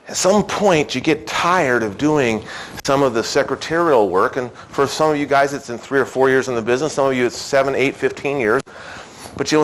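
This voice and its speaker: A middle-aged man, leading a real estate sales seminar, brash and loud, firing questions at the audience and shouting for emphasis. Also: medium pitch. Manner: brash, rapid-fire, shouts for emphasis, asks the room questions. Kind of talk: live seminar talk to an audience.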